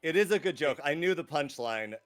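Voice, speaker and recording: A man's voice: fairly high pitch, expressive, soft background music. Matter-of-fact male game storyteller. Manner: brisk, matter-of-fact announcer. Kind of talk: running a social deduction game.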